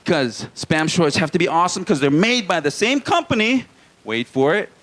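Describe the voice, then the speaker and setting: A man from Hawaii working a small comedy stage, his voice sitting fairly high and swinging up and down a lot as he tells crude jokes and trades banter with the crowd. It has a live stand-up delivery. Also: big pitch swings, normal speed, a bit bright.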